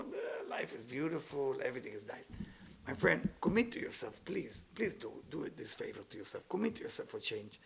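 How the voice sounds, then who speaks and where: A man giving a motivational spiritual talk in English with dropped words, playful and animated, stacking words in long repeated lists. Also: high voice, fairly quick, gravelly. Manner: speaks non-native English with dropped words.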